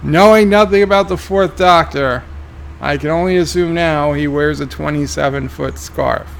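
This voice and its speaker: Gravelly man reading chat aloud. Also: fairly high pitch, moderate pace. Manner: reads viewer comments aloud, dry asides. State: tired, yawning. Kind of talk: casual live-stream commentary.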